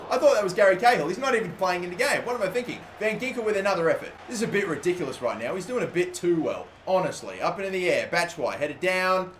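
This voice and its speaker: Guy in his 20s yelling and muttering over his game, swears a ton, roomy echo, bit of hiss. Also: high-pitched, quick pace. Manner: excitable, swears often, swings from shouting to muttering. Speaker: gaming YouTuber. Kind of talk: live gameplay commentary. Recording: echoey room with faint background noise.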